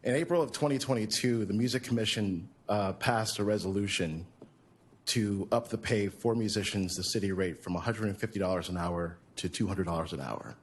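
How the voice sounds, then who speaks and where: A man speaking as a music commissioner during public comment at a board meeting, polite and measured, with frequent hesitations. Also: on the low side, breathy edge.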